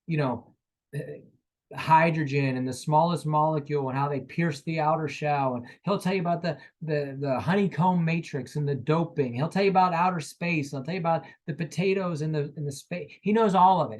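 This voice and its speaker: High-voiced man giving energetic sales training. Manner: energetic, acts out sales dialogues. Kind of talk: motivational sales training talk.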